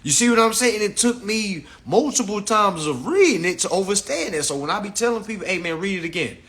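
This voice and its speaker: Man, live stream teacher, bright forceful voice, blunt and profane. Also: brisk. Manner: profane, blunt, lecturing, animated swings in pitch. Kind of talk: casual live stream lecture.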